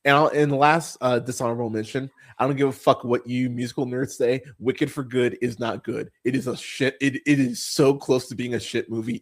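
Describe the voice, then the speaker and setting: A man hosting a casual film podcast at an ordinary pitch. He talks bluntly and swears freely. His rambling is full of fillers and restarts. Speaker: podcast host.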